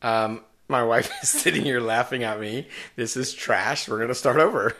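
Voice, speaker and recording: Creaky, bright-voiced man hosting a podcast. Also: medium pitch, moderate pace, a little hiss or hum. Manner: profane, self-mocking, restarts often. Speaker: podcast host. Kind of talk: casual podcast intro takes.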